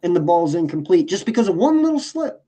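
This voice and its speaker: A man's voice: high voice, very animated, fast talker, warm tone. A man talking sports casually as a podcast co-host, emphatic and profane, often restarting his sentences.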